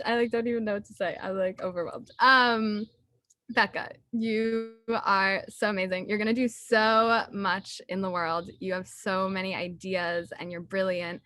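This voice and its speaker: A woman's voice: medium pitch, flat delivery, a little slow, bright, forceful tone. A young woman giving a chatty, gushing tribute to a friend at a student ceremony, full of fillers and getting emotional. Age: young adult. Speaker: student speaker honoring a friend. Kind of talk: heartfelt tribute speech.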